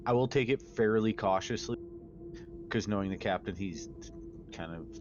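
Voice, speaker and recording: A man's voice: on the low side, normal speed, dull audio, music in the background. A man playing a tabletop game, casual and loose, laughing easily and swearing. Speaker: player.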